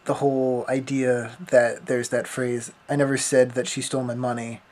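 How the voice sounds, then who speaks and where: A man's voice: mid-range voice, level tone, moderate pace, a little mellow. Thoughtful young man musing aloud. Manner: thoughtful, rambling. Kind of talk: casual vlog monologue.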